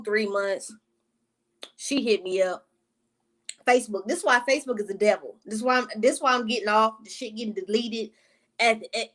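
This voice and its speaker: A woman's voice: fairly high pitch, fairly bright tone. A woman vlogger telling a personal storytime in casual, profane talk that keeps drifting into side tangents aimed at her viewers.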